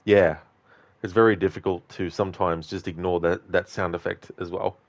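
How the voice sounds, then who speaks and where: Male game streamer, very low voice, dry close recording, easygoing rambling chat with viewers. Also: little pitch movement, normal speed, no echo. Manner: chatty, loose, greets and answers chat by name. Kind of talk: casual chat with live viewers while playing.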